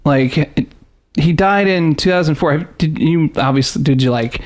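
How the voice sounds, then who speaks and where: A man's voice: a little high, normal speed. A man hosting a casual podcast chat, telling stories with lots of laughter and reading facts aloud. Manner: animated storyteller, laughs often, reads facts aloud. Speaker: podcast host.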